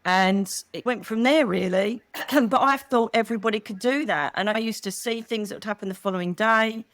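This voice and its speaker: Animated English woman, dry close sound. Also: a little high, normal speed, dry recording. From England. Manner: animated storytelling, acts out quoted voices. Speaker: guest psychic medium. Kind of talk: casual interview chat.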